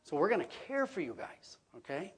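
A man's voice: high voice, sing-song, brisk, husky. A man preaching a sermon as pastor, earnest and conversational, often checking in with his listeners.

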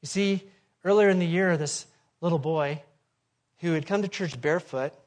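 A man's voice: on the high side, normal speed. Emphatic man preaching a sermon. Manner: emphatic, rhetorical questions, swings between loud and soft.

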